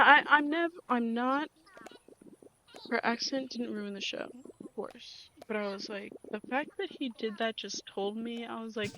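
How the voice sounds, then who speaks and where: A woman's voice: fairly high pitch, a bit bright. A young woman chatting casually while she plays a video game, ranting in an exasperated way and often cutting herself off. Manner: ranting, exasperated, self-interrupting. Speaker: gaming vlogger. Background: music under the talk.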